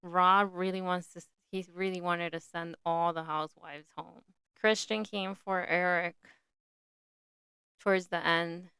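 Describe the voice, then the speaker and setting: Slow-talking woman podcast host, crisp and dry. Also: lowish voice, steady tone, sharp tone, no echo. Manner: chatty, speculative, uses filler "like". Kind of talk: casual solo commentary.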